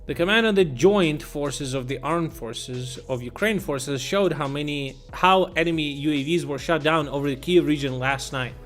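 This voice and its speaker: A man's voice: fairly high pitch, normal speed, few pauses, a bit bright, faint music behind. A man streaming live news commentary, reading headlines aloud in an irreverent way, swearing and laughing at his own jokes.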